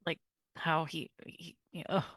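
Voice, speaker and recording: A woman's voice: sits low, flat delivery, measured pace, a bit bright, dry recording. A woman co-hosting a podcast recap, mostly adding short reactions in casual chat. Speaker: podcast co-host.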